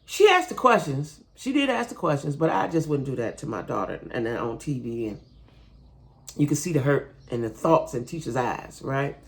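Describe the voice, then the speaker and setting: A woman's voice: extremely low pitch, sing-song, normal speed. A woman giving a casual, chatty recap of a reality TV show, talking straight to her viewers and often checking in with a "right?". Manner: chatty, addresses viewers as "y'all", frequent "right?".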